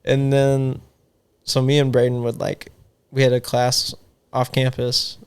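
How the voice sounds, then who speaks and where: A man's voice: mid-range voice, completely flat delivery, unhurried, clear, resonant tone. A young man, a podcast guest, telling rambling, profane party stories in casual chat. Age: young adult. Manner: rambling, profane, laughing storyteller. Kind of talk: casual storytelling.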